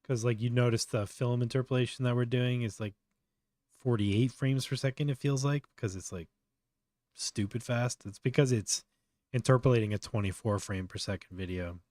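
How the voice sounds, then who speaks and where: A man's voice: medium pitch, steady tone, moderate pace, darkish tone, no room sound. A man hosting a casual live tutorial, muttering to himself as he works and chatting through explanations with fillers. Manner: muttering to himself while working, trailing off. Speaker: host.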